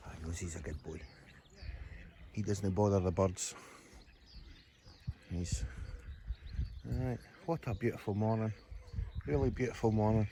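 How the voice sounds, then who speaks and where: A man's voice: on the low side, steady tone, measured pace, pauses often, warm tone, a little hiss or hum. A Scottish man chatting casually as he films a walk by a reservoir, rambling along and calling to his dog. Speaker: vlogger. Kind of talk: casual walking vlog narration. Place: outdoors by a reservoir. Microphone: handheld camera. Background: birds and outdoor sounds.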